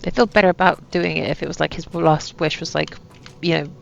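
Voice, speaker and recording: A woman's voice: sits low, fairly even intonation, brisk, vocal fry, a little hiss or hum. A woman giving chatty, wry commentary on her own game, full of self-mocking asides. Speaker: gaming channel host. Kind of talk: casual gameplay commentary. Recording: dull lo-fi sound with faint ambience.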